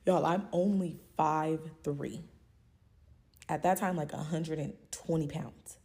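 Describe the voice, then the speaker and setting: A woman casually telling a true story, animated and full of profanity and slang. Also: low voice, takes it slowly, reverberant.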